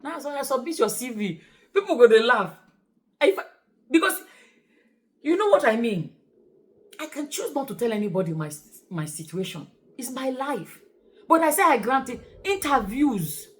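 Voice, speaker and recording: A Nigerian woman with a fairly high voice speaks straight to her viewers in a casual vlog. She is animated and chatty, slipping into Pidgin phrases and laughing often. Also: normal speed, pauses often. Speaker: vlogger and shortlet host.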